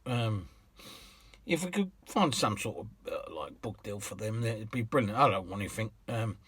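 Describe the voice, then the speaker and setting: A man's voice: on the low side, expressive, normal speed, a bit bright, husky, no room sound. A man with a British accent, a cab driver telling casual anecdotes in a chatty, rambling way. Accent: British English. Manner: chatty, rambling, with restarts and laughs.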